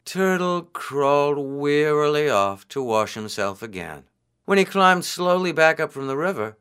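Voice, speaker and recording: A man reading a children's folk tale aloud in an expressive, unhurried way. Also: mid-range voice, smooth. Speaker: storyteller.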